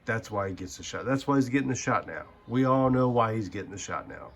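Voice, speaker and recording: A man's voice: fairly low pitch, lively intonation, a little fast, slightly rough. A young man giving casual gaming commentary, ranting in a heated, profane, rambling way. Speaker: gaming channel host.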